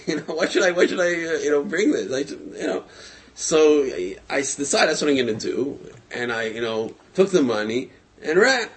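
A man telling a religious story in a casual, lively way, with frequent hesitations, fillers and chuckles. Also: a little high, normal speed.

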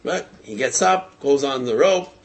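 A man telling a parable to a group in an animated storytelling talk, repeating words for effect. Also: medium pitch, measured pace, vocal fry.

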